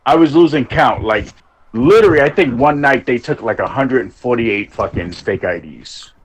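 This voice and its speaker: A man with a mid-range, breathy voice co-hosts a podcast, speaking at a normal pace with lively intonation on a rough recording. In casual chat he rambles through anecdotes, swears heavily, and acts out what people said.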